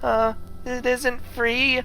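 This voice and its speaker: A man voicing an excitable, clingy young woman from a game, speaking in a high, squealing, playful voice. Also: very slow, vocal fry, soft background music, full character voice. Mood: pleading.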